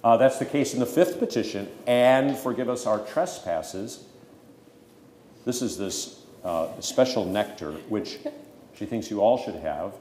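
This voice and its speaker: Low-voiced man teaching in an echoing hall. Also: expressive, normal speed, a little mellow, slight background noise. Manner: emphatic, stresses key words, folksy asides. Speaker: pastor teaching catechism. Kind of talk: catechism teaching to a congregation. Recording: echoey hall with long reverb.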